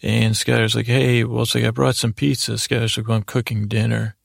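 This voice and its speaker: A man hosting a sleep podcast, retelling a show's episode in a meandering, halting way with many fillers. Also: mid-range voice, little pitch movement, gravelly, no room sound, studio quality. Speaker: podcast host. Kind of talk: rambling sleep-podcast recap.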